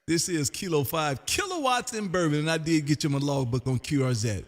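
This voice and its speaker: A man hosting a casual ham radio chat, loud and folksy, calling everyone man. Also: a little high, sing-song, fairly quick, big-room sound. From Texas.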